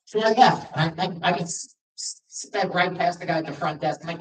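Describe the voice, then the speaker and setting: A man's voice: sits high, moderate pace. A middle-aged man from Long Island, doing a stand-up set with self-deprecating stories and acted-out dialogue. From Long Island, New York. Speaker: stand-up comedian. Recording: roomy venue, mic from a distance.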